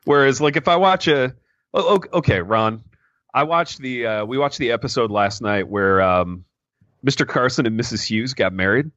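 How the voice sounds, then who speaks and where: A man's voice: normal speed, no echo. Joking man co-hosting a casual chat. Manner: jokey, teasing, animated pitch jumps. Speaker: podcast co-host. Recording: dull, slightly lo-fi dry sound.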